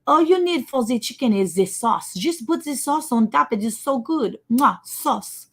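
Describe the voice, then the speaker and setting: A food-loving French neighbor lady, put on by a woman with a thick, exaggerated accent and a sing-song lilt. She gushes over her cooking in a voice pitched well above her usual one. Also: animated, normal speed. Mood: gushing.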